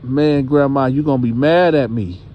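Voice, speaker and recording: A man's voice: medium pitch, moderate pace, dull audio, a little hiss or hum, close to an everyday voice. A man voicing a frightened teenage girl who stammers as she confesses to her grandmother. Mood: fearful. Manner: hesitant, stammering.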